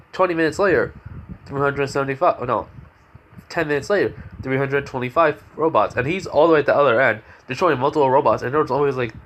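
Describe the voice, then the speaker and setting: Young male fan storyteller, improvised and rambling, average pitch, light background hiss. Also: a bit bright. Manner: rambling, many fillers and self-corrections. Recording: faint background noise.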